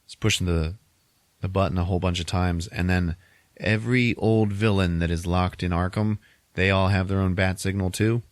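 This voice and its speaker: A man's voice: low-pitched, steady tone, normal speed, dry recording. A man hosting a podcast, casually retelling a movie plot and laughing often as he quotes the characters. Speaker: podcast host.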